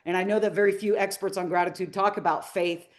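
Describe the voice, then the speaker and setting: A woman's voice: medium pitch, steady tone, fast talker. Earnest inspirational woman speaker. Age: middle-aged. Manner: earnest, inspirational, storytelling with audience questions. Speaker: motivational speaker. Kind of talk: live masterclass talk to an audience.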